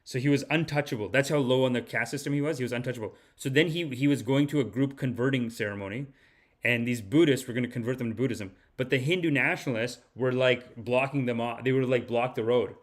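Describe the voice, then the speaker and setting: A man hosting a comedic podcast monologue, rambling and animated, sometimes slipping into a mock spiritual-guru pitch. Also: quick pace. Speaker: podcast host.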